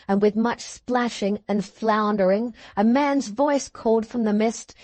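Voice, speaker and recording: A woman narrating a classic novel in a measured storytelling voice. Her voice sits a little high, and the recording is dry and close, with no room sound. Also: a little mellow, no echo. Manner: measured storytelling, voicing the characters. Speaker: audiobook narrator.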